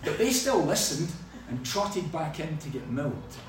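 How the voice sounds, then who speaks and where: A man's voice: a little high, unhurried, slight background noise. A man preaching a sermon, telling stories with humor. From Scotland. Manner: lively storytelling with humor. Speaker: pastor. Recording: echoey hall from far off.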